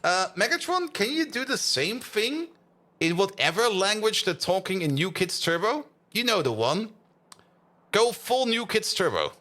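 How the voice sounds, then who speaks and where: A male game streamer chats through his session in a lively, up-and-down voice, often breaking into laughter. His tone is high and bright as he teases and comments casually. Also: measured pace. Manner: chatty, laughs often, teasing.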